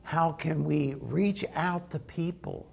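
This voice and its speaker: A man's voice: fairly high pitch, takes it slowly, vocal fry, darkish tone, husky. A man preaching a sermon in a conversational, storytelling way. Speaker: pastor.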